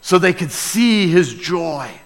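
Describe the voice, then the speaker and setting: A man's voice: sits high, animated, slow. A man preaching a sermon to his congregation, conversational and humorous, often repeating words as he restarts. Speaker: pastor. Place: church sanctuary. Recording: long church hall reverb.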